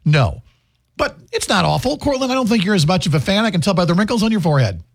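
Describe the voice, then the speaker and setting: A man's voice: high-pitched, very animated, fast talker, vocal fry. A man co-hosting a morning radio show, bantering casually in a joking, teasing way. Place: radio studio.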